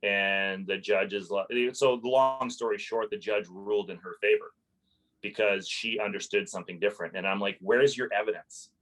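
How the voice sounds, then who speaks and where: A landlord appearing as a podcast guest tells a story in a casual interview, animated and cursing freely as he relives his anger. His voice is on the low side at a normal pace, and the recording is rough.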